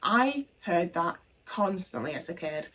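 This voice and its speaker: A woman's voice: lowish voice, big pitch swings, unhurried, fairly bright tone, husky. Frank young woman, slightly distant mic. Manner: frank and conversational, with casual swearing and many fillers. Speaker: vlogger. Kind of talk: candid personal storytelling to camera.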